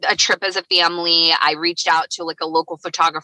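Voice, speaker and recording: A woman's voice: on the low side, level tone, fast talker, pushed and bright, dry recording, low-quality recording. A woman in her thirties from Chicago, a podcast guest telling a personal story in a chatty way, often saying "like". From Chicago, USA. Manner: chatty, heavy use of "like".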